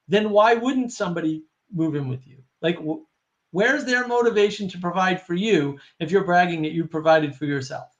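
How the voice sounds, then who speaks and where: A man hosting a casual discussion, animated and wry, acting out quoted exchanges. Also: sits high, moderate pace, dull audio. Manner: wry, laughs at own points. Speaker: host.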